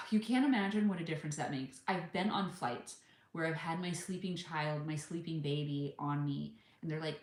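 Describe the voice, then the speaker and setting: Woman from the US in her thirties, lower voice, chatty vlog storyteller, echoey room. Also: moderate pace. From United States. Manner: chatty, animated retelling with quoted voices. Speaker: vlogger.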